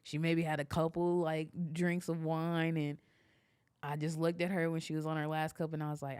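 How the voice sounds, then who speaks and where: A young woman with a low, smooth, clear voice, chatting on a podcast and telling stories with real animation. She laughs often and acts out what other people said. The sound is close and dry. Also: fairly even intonation, measured pace, pauses often, darkish tone, no room sound. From Kansas, US. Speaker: photographer and business owner, guest. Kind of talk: casual podcast conversation.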